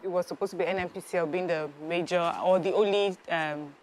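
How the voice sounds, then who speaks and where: A woman's voice: fairly low pitch, steady tone, a little fast, darkish tone, a little hiss or hum. A woman co-hosting a morning TV show, explaining a news story at length with many fillers. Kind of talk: breakfast TV news chat.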